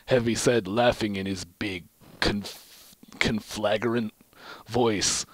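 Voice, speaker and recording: A man's voice: fairly low pitch, steady tone, slow pace, pauses often, no room sound. A man hosting his own channel, casually reading a fan fiction story aloud in a wry tone and stumbling over words now and then. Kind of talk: casual amused read-aloud.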